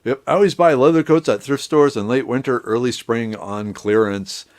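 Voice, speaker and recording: A middle-aged man hosting a live stream, chatting casually with viewers in a relaxed, rambling way and greeting them by name. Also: mid-range voice, moderate pace.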